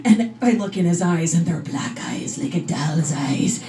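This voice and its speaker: A woman comedian telling an energetic stand-up story. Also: low-pitched, unhurried, distant mic.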